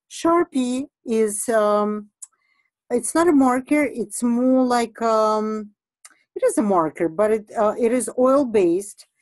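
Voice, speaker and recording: Drawing as she talks, a woman gives a loose, chatty art lesson full of laughter and sentences that fade into fillers. Her voice is slightly high and a little mellow, recorded in low quality with no room sound.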